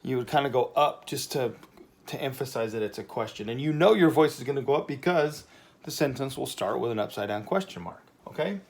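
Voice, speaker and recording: A man gives a laid-back lesson as if at a whiteboard. He talks in an easygoing way, pausing with fillers and often checking that the class is following. His voice sits at an ordinary middle pitch. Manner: relaxed, chatty, many fillers and "okay?" checks. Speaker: Spanish teacher.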